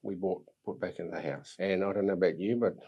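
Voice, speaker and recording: Husky low-voiced Australian man in his sixties. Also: steady tone, fairly quick, dull audio. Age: 60s. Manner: earnest, reflective, with soft laughs. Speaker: podcast guest. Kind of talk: personal storytelling.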